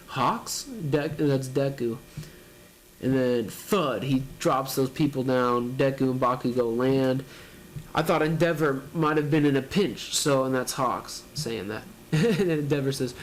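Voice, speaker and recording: A man's voice: mid-range voice, measured pace, slight background noise. A man reading a manga chapter aloud and reacting, narrating panels casually and laughing often.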